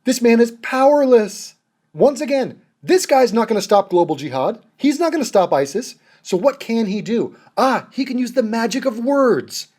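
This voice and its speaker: A man's voice: very high voice, expressive, normal speed, a little mellow. Sneering, foul-mouthed male commentator. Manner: sarcastic, mocking, swears often. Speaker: reaction video host. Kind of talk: profane mocking commentary over a clip.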